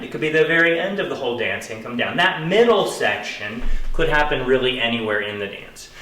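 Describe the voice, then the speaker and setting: A man's voice: fairly high pitch, sharp tone. A man teaching an online dance lesson, counting out beats while he moves and encouraging viewers as he goes. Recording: roomy echo, distant camera mic.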